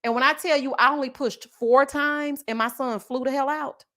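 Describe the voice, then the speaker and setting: A woman's voice: high voice, fairly even intonation, normal speed, pushed and bright. A young woman from Houston, telling a personal story in a sassy, dramatic way. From Houston, Texas. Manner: sassy, dramatic, acts out quoted voices. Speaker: commentary channel host. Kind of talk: storytelling chat.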